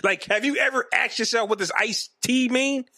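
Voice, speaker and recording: A man in his thirties co-hosting a podcast in a playful, teasing, animated casual chat. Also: extremely high pitch, moderate pace, no room sound, studio quality. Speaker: podcast co-host.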